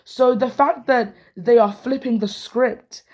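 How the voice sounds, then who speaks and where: A young woman tells a personal story to camera in a heated, profane rant. She is hoarse from losing her voice and often restarts her sentences. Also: on the high side, slow, a little mellow.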